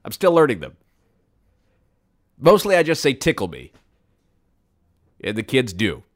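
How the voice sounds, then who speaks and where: Man telling an absurd comic story. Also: normal speed. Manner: deadpan rambling storytelling with sudden high-pitched bursts. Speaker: comedic storyteller.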